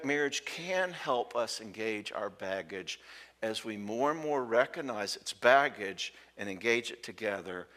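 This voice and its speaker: This man speaks at medium pitch with a slightly bright tone, delivering a conversational marriage-conference talk in a church hall. He acts out quoted dialogue and checks in with listeners, and the hall's reverb is audible.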